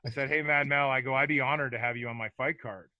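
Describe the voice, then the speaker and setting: A man's voice: mid-range voice, steady tone, fast, no room sound, highs cut off. A man in his forties, a former hockey enforcer, telling profane, laid-back stories as a podcast guest. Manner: profane, laid-back storyteller with filler words. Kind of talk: casual storytelling chat.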